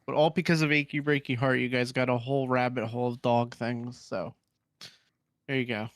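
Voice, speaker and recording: A man's voice: medium pitch, flat delivery, fairly quick, no room sound. A man hosting a casual gaming podcast, reading forum posts aloud with laughing asides. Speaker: podcast host.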